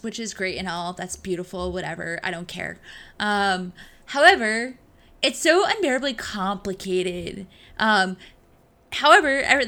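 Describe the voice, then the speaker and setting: A woman's voice: mid-range voice, a little slow. A woman co-hosting a podcast, talking animatedly and sarcastically about tech and acting out what others say. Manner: animated, sarcastic, acts out quotes. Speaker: podcast co-host. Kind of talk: casual tech chat.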